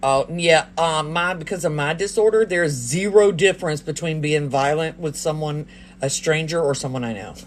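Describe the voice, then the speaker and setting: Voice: mid-range voice, moderate pace, a little hiss or hum. An adult livestreamer and parent telling a story casually to a live audience. They laugh often and act out the lines of others. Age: adult, parent of a child. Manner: animated, laughs often, acts out quoted lines.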